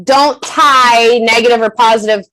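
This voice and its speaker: Woman guest on a podcast, super animated, swears a lot, laughs a bunch, high voice. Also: a little slow, poor audio. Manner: animated, profane, emphatic, laughs often. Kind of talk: candid podcast conversation.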